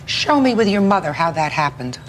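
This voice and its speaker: A woman's voice: on the low side, very animated, a little fast, slight background noise. A woman judge questioning a litigant in court, blunt and sharply probing with no-nonsense directness.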